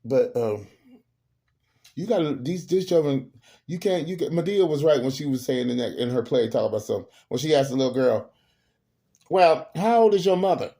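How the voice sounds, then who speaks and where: A man hosting a show, telling family stories in a casual, animated and emphatic way with salty humor. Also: medium pitch, a little fast, vocal fry. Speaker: host. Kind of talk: casual storytelling monologue.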